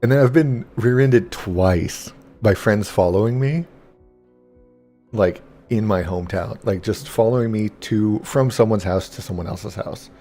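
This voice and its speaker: Low-voiced young man telling a rambling story. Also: measured pace, warm tone, faint music behind. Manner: rambling, profane, lots of "like" fillers. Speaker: gaming streamer. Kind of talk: casual storytelling while gaming.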